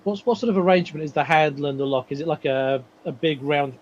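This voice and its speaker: A man with a slightly high voice plays in a tabletop session, politely asking careful questions about the scene. His voice comes through muffled and lo-fi, like dull online audio. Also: fast talker, a little mellow. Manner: polite, inquisitive. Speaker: player. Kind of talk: tabletop game play.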